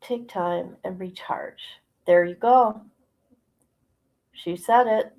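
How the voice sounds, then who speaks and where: A woman's voice: mid-range voice, slow, darkish tone, rough recording. A woman hosting a casual livestream, chatting colloquially, reading viewer comments aloud and laughing often. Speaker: livestream host.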